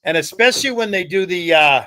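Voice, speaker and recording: Brisk and expressive, a high-pitched man from New England pushes his bright voice through a rough recording. He runs a livestream, rambling profanely in loose, casual talk.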